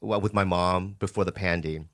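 A man's voice: low-pitched, fairly even intonation, normal speed, a bit bright. A middle-aged man co-hosting a podcast in casual chat, telling stories animatedly and laughing often. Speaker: podcast co-host.

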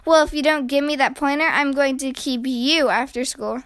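A woman voicing a quick-tempered young girl bear cub in a storybook, with lively, indignant outbursts. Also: sits high, no room sound, natural voice. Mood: spirited.

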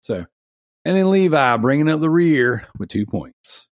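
A man's voice: a little high, big pitch swings, unhurried, dry recording, clean studio sound. Chatty male gaming podcast host. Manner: rambling, chatty, laughs often. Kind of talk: casual gaming podcast chat.

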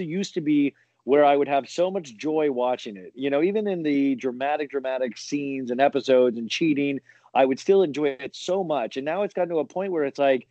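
A man guesting on a podcast, talking casually in halting bursts with many restarts. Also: fairly high pitch, dark tone, no room sound.

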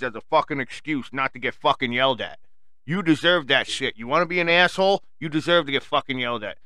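A man's voice: mid-range voice, fast, sharp tone, dry recording. Profane ranting male radio host. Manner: angry, swearing, mocking quoted people. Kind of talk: profane rant.

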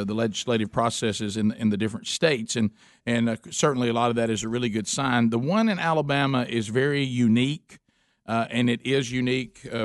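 A man's voice: medium pitch, no echo. A man hosting a talk radio show, speaking earnestly with many restarts. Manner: earnest, rambling. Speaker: radio host. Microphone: studio mic.

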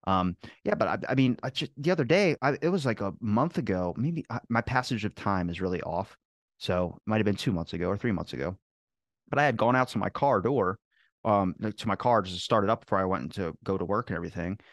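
A man's voice: on the low side, fast talker, dry recording, studio quality. A young man in casual podcast chat, rambling through stories and swearing freely. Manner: rambling storyteller, swears freely, animated quoting. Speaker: podcast host.

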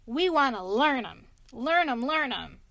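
A woman voicing a gruff, stubborn old male badger in a storybook reading, talking bluntly and emphatically. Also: a little high, expressive, measured pace, a bit bright, no room sound. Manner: blustering, emphatic.

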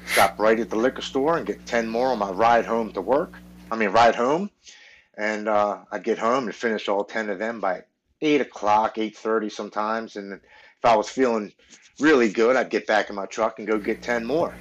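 A man's voice: on the low side, moderate pace, highs cut off. Earnest, blunt man telling his story. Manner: earnest, blunt, swears freely. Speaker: podcast guest. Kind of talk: personal recovery story, casual.

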